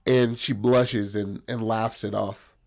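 A man's voice: fairly low pitch, steady tone, slow, gravelly, darkish tone. A young man casually telling a story, rambling and profane, full of fillers.

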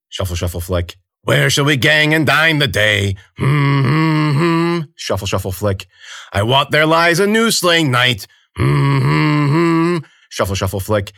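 A man's voice: low-pitched, flat delivery, quick pace, few pauses, breathy edge, no room sound, clean studio sound. A man voicing a fawning old crone. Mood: humming, singsong. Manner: wheedling, then bitter and spitting. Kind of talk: audiobook character voice.

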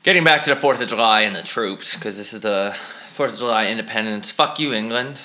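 A young man co-hosting a podcast, trading crude deadpan jokes in casual comedic chat. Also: a little fast. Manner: deadpan, crude joking with lively swings in pitch. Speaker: podcast co-host.

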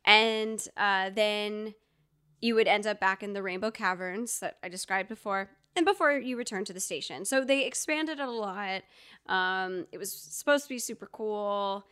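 A woman's voice: mid-range voice, normal speed, fairly bright tone, clear, resonant tone. A woman co-hosting a podcast in casual chat, telling stories with lots of fillers and asides. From Georgia, US. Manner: chatty storyteller, many fillers and asides. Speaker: podcast co-host.

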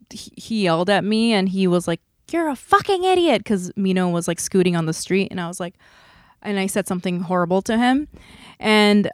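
A woman's voice: mid-range voice, no room sound. A woman hosts a podcast in a blunt, profane, emphatic voice. The sound is dry and close, with no room around it. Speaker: podcast host. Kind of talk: casual chat.

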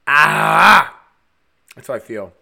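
A man's voice: expressive, fairly quick. Angry, foul-mouthed man ranting. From United States. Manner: angry, swearing constantly, heated; veers between shouting and low muttering. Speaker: podcast host. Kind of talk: solo podcast rant.

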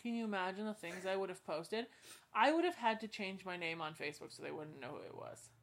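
A woman co-hosting a podcast in casual chat, chiming in with quick wry comments. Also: lowish voice, animated, slight background noise. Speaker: podcast co-host.

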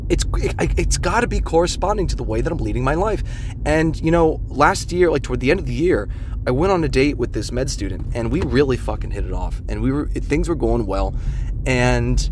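A man's voice: on the high side, noisy background. A man in his late twenties telling a rambling, profane, self-deprecating comic story in a casual monologue. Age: 20s.

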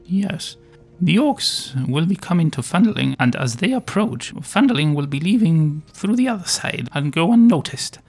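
Here a man speaks in character as Shrew during tabletop role-play, all theatrical, pompous adventurer bluster. His slightly high voice is sing-song and darkish with a breathy edge, moving at a moderate pace with hardly any pauses over soft background music.

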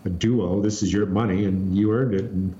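Male podcast co-host, low voice, animated storyteller; roomy lo-fi room sound. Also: normal speed. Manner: animated storyteller, acts out quotes. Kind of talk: casual podcast chat, storytelling. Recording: roomy, dull lo-fi with faint hiss.

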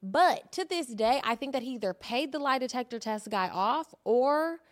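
A woman co-hosting a podcast, telling a story in animated, casual chat and swearing often. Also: a little high, normal speed. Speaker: podcast co-host.

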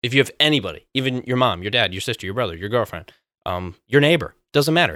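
A man's voice: mid-range voice, lively intonation, fast, fairly bright tone, no echo. A man with a mid-range voice chats on a podcast. He is blunt and emphatic and swears freely. The recording is dry, with almost no room sound. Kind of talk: casual podcast chat.

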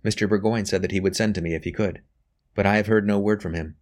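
An earnest young priest, guarded and measured, speaking with a deep voice. A man reads him aloud in an audiobook. His words come steady and careful. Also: lightly acted.

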